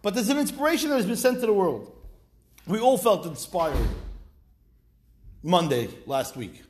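A high-pitched man teaching a Torah class. He reads passages aloud, then explains them with animated stress that climbs toward near-shouts, and often repeats words as he builds a point. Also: moderate pace, a little hiss or hum. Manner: mixes Hebrew text reading with English explanation, repeats words. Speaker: rabbi giving a Torah class. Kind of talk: spoken Torah lesson.

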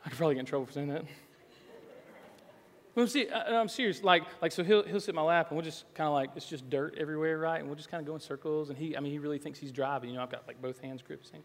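High-voiced pastor in an echoing hall. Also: male voice, fast. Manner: storytelling that swells into emphatic, rising exhortation. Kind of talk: sermon. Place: church sanctuary. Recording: long reverb of a large hall.

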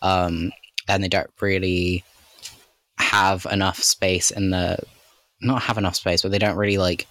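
A man's voice: low voice, little pitch movement, unhurried, fairly bright tone, dry recording. A man co-hosting a podcast in casual chat, rambling and filling his sentences with "like" and "kind of". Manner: rambling, heavy use of "like" and "kind of". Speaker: podcast co-host.

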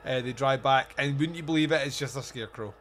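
A man's voice: medium pitch, quick pace, crowd noise. A man hosting a podcast, reviewing a movie in casual chat, sarcastic and rambling with frequent laughs. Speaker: podcast host.

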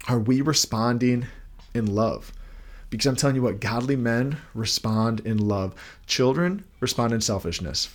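A man's voice: medium pitch, normal speed. A man giving a casual devotional talk to other men, asking many rhetorical questions in a loose, conversational way while holding his young son at home. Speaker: Christian men's podcast host and father.

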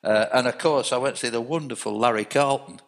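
A man's voice: mid-range voice, fast talker, a bit bright. A man in his sixties telling anecdotes in a casual chat, often restarting his sentences. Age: 60s.

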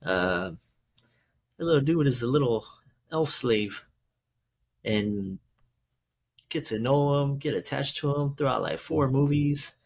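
A man's voice: medium pitch, slow pace, long pauses, husky. A man co-hosting a casual podcast, who talks hesitantly and searches for words. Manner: hesitant, unsure. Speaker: podcast co-host. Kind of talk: casual chat.

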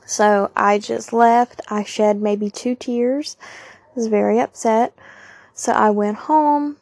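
Lady telling her story on a podcast, kinda creaky voice, very candid, talks right to y'all. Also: on the high side, fairly even intonation, slow pace, darkish tone, no room sound, clean studio sound. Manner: candid, emphatic, talks straight to listeners. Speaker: podcast host. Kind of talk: casual personal storytelling.

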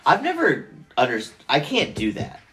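A man's voice: fairly high pitch, huge pitch swings, normal speed, a bit bright, slight background noise. A young man chatting casually as a podcast guest, telling stories and laughing often. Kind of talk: casual chat.

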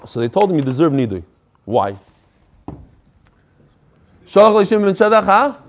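A man teaching a Talmud class, reading Hebrew and Aramaic passages and explaining them in English with animated emphasis. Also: sits high.

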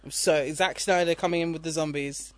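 A woman co-hosting a podcast in casual chat, excitable and quick to laugh. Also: sits low, dry recording. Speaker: podcast co-host.

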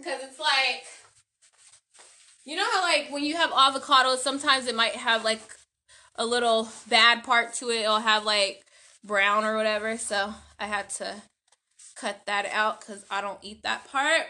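While cooking, this podcast host talks chattily to her listeners, addressing them as y'all. She speaks unhurriedly in a slightly high voice with a steady, sharp tone.

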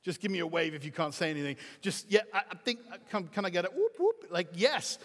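A middle-aged man preaching a sermon as pastor, emphatic and swinging from soft to shouting. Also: high-pitched, expressive, fast. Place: church auditorium. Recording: reverberant hall.

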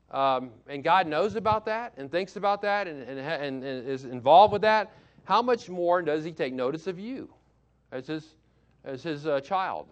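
A male pastor preaching a sermon from behind a church pulpit. He reads scripture aloud, asks the congregation questions and repeats key phrases for emphasis. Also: a little high.

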